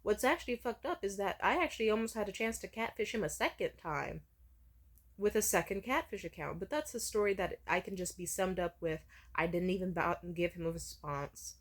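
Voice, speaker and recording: Brief: young woman vlogger, frank and profane, middle pitch, storytime delivery. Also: animated, a little fast. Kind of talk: storytime vlog.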